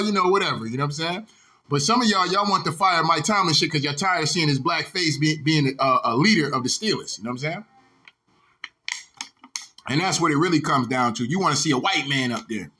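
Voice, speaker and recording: A man's voice: fairly high pitch, bright, forceful tone. A man hosting his own sports vlog, ranting in a heated, profane, repetitive way and throwing "dog" into nearly every sentence. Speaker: sports vlogger.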